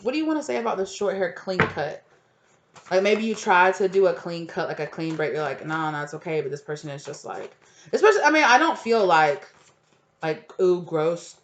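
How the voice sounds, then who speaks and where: A woman's voice: on the low side, slight background noise. Chatty woman giving a rambling tarot reading. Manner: rambling, filler-heavy, chatty. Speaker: tarot reader. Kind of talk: casual tarot reading to camera. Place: home with a cat.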